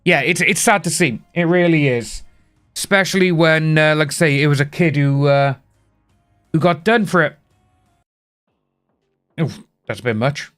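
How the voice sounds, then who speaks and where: A man's voice: on the high side, moderate pace, fairly bright tone, clean tone, soft background music. A young British man chatting casually on a live stream, rambling and greeting viewers by name. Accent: British English. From United Kingdom.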